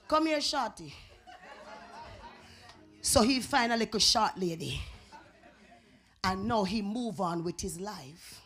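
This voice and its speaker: A woman with a Jamaican accent preaching a revival sermon in church, dramatic and call-and-response, building to shouts. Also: mid-range voice, expressive, a little slow, long pauses. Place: church sanctuary. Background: organ or keyboard music.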